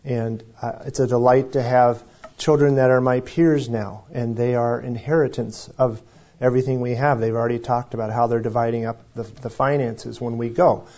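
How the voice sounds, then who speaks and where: Older pastor guy preaching, folksy and chatty, mid-pitched, kinda lo-fi sound. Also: flat delivery, normal speed, dark tone. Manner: conversational, folksy preaching with jokes. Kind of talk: sermon. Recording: slightly dull lo-fi recording.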